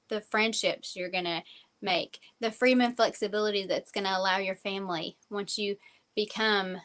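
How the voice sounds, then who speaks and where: A woman speaking in a bright, clear voice. She delivers an earnest motivational training talk, mixing faith into her pitch, repeating phrases and pausing on fillers as she works through her points. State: emotional at times. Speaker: sales director giving a training talk.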